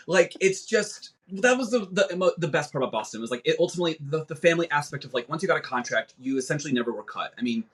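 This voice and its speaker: A man's voice: on the high side, animated, fast talker. A young man who is a podcast guest, speaking candidly with swearing and frequent restarts in casual chat. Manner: candid, profane, rambling with restarts.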